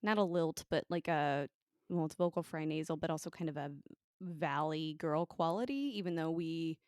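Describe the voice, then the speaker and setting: An American woman with an Upper Midwest accent, co-hosting a casual podcast chat with quick asides and frequent giggles. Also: deep voice, darkish tone, clear, resonant tone, no echo, studio quality. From United States. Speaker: podcast co-host.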